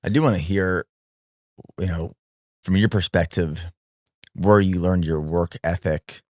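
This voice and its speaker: A man hosting a podcast, asking curious questions in a relaxed, conversational way. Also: low voice, measured pace, no echo, studio quality. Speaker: podcast host. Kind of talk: casual interview questions.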